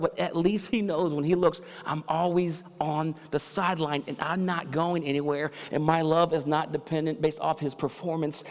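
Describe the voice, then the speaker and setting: A man preaching a sermon, moving between quiet storytelling and loud, fervent preaching. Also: a little high. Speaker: pastor. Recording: reverberant hall with faint ambience.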